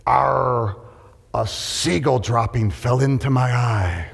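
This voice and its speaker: A man voicing a gruff old male pirate with a stage pirate accent, growling his words. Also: mid-range voice, slow, pitched below the performer's own voice, exaggerated voice. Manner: growling "arr" pirate talk. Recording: long hall reverb.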